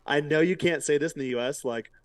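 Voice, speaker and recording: A man's voice: on the high side, fast talker, dry recording. A man, a podcast guest, telling a story casually and acting out quotes, with casual swearing. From United States.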